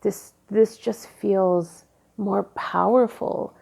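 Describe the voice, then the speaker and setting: A woman in her forties speaking candidly to camera, telling personal stories and reflecting slowly and deliberately. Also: mid-range voice, fairly even intonation, gravelly, darkish tone, husky. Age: 40s. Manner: candid, storytelling, turns slow and deliberate when reflective. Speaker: vlogger.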